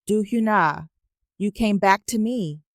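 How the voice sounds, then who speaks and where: A woman voicing a poised, wealthy older mother who speaks softly and quietly condescends. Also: medium pitch, a little slow, no echo, clean studio sound, close to an everyday voice. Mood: soft concern. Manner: soft, honeyed and quietly condescending.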